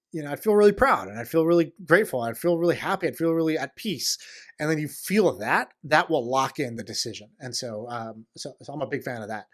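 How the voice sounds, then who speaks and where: A man in a casual podcast interview, talking fast and eagerly with many fillers and restarts. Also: on the high side. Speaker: podcast guest, entrepreneur.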